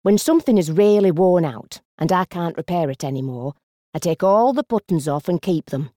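A woman's voice: on the low side, expressive, warm tone, no echo, clean studio sound, lightly acted. Woman reading as a smug thrifty old lady. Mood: prim. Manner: sage, self-satisfied, slow. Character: chatty thrifty elderly woman customer.

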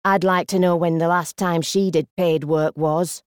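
A woman's voice: on the low side, very animated, normal speed, darkish tone, no echo, studio quality. A woman voicing a blunt, humorous coworker in her forties who speaks huffily and scornfully. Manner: huffy, scornful.

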